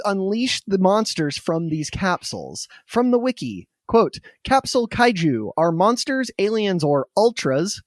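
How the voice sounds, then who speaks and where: A man hosting a podcast, telling a story in a casual, animated way and laughing easily. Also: high-pitched, no echo, studio quality.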